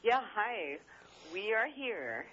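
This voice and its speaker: A woman calling in to a radio show, speaking slowly and haltingly with many pauses. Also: mid-range voice, very animated, fairly bright tone. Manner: slow, hesitant, halting. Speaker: caller. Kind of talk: prank call on a radio phone-in. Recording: dull phone line.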